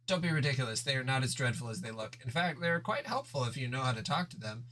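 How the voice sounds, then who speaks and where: A man's voice: mid-range voice, animated, fast, sharp tone, rough recording. A man voicing a bubbly, aristocratic fish-alien girl who says glub, in a playful, slightly pompous way, as he reads a webcomic aloud with voices. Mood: teasing.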